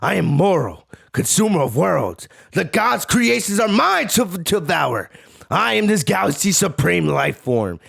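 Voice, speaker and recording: A man voicing an arrogant male alien villain from a comic, reading his lines aloud in a lower voice. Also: very animated, unhurried, creaky, a bit bright, husky, no echo, clean studio sound, heavily acted. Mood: defiant.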